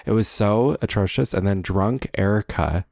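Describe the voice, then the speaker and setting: Young guy with a really low voice, gossipy podcast chat, dry close sound. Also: moderate pace, vocal fry, no room sound. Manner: gossipy, animated storytelling with frequent laughs. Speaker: podcast co-host. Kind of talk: casual chat.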